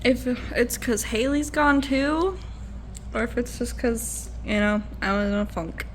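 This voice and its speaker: Young woman vlogger, slightly high voice, tired and rambling, casual chat. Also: fairly even intonation, measured pace, a little hiss or hum. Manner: rambling, trailing off with fillers. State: low and tired.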